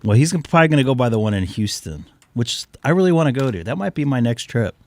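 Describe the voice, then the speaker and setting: A man's voice: mid-range voice, very animated, quick pace, noisy background. A man hosting a ham radio live stream, chatting casually and telling rambling stories while losing his voice a little. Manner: rambling, storytelling, joking. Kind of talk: casual chat.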